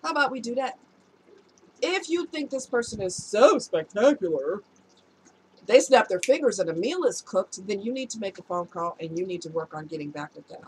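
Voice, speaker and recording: A woman's voice: medium pitch, lively intonation, normal speed, darkish tone, slight background noise, rough recording. Chatty New woman telling a story. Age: adult, past her youth. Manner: chatty, talks straight to viewers, laughs at herself. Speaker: vlogger giving relationship advice. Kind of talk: casual storytelling to camera.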